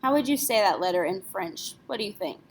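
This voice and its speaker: A woman's voice: mid-range voice, lively intonation, brisk, slightly rough. A woman teaching French pronunciation in a patient lesson, spelling words out letter by letter. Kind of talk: classroom lesson explanation.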